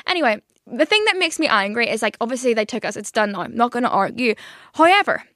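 A young Northern Irish woman hosts a podcast and tells a story in a fast-wandering way. She swears freely and stacks up filler words as she vents. Her voice sits a little high, recorded dry and close on a studio mic. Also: no room sound. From Northern Ireland. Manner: rambling, heavy on filler words, swears freely, animated venting. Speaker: podcast host. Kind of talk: casual storytelling monologue.

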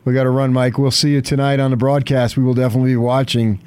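A male radio host in casual sports chat, talkative and quick to laugh, with rambling restarts. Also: medium pitch, little pitch movement, a little mellow, smooth, no room sound. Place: radio studio.

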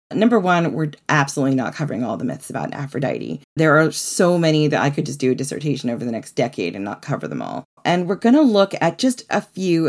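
Excited gravelly woman podcaster. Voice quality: gravelly, low voice. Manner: excited, fast, bubbly. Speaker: podcast co-host. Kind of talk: casual podcast chat.

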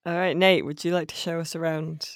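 A podcast host running the segments, laughing often and moving briskly between topics. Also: mid-range voice, steady tone. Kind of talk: casual chat.

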